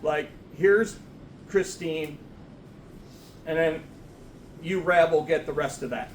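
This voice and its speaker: A man's voice: a little high, takes it slowly, echoey room, recorded from a distance, slight background noise, rough recording. A man, the son of the deceased, speaking at a memorial service in a church, rambling and self-deprecating. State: getting emotional. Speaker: son giving a eulogy. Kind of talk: memorial speech. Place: church sanctuary.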